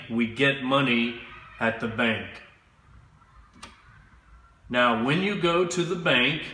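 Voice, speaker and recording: A man teaching English to children, speaking slowly and clearly and having them repeat words after him. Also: medium pitch, sharp tone, echoey room. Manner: slow, clear, drills words for repetition. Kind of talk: slow classroom instruction.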